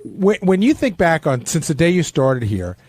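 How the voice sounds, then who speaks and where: A man's voice: on the high side, big pitch swings, moderate pace, a little mellow, husky. A man hosting a radio chat who asks probing questions and often restarts his sentences as he goes. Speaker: radio show host.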